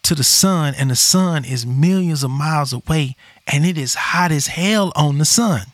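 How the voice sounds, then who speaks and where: A man's voice: a little high, normal speed, dry recording, clean studio sound, natural voice. A man voicing a male stand-up comedian inside a joke he retells, sounding fed up and disbelieving. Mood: exasperated.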